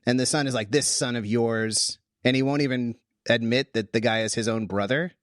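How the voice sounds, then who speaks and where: A man hosting a casual discussion podcast. He talks in an animated way, restarting sentences as he thinks aloud. The voice sits at a middle pitch on a dry, close recording. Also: fast talker, no room sound. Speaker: podcast host.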